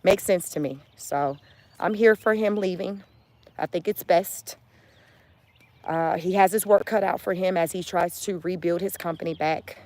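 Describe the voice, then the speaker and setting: A low-voiced female vlogger gives casual walk-and-talk commentary outdoors, recorded on a phone camera. She speaks at normal speed, animated and emphatic, tossing out rhetorical questions.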